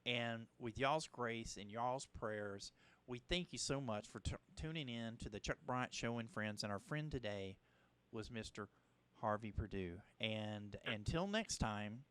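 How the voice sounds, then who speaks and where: A man from Louisiana, hosting a radio interview in a halting, rambling way. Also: mid-range voice, animated, a bit bright, clean tone. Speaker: host. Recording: radio broadcast.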